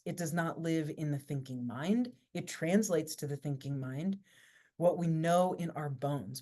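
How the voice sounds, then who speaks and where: A woman workshop teacher giving a reflective talk, speaking in measured, incantatory phrases built from lists. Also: low-pitched, dark tone.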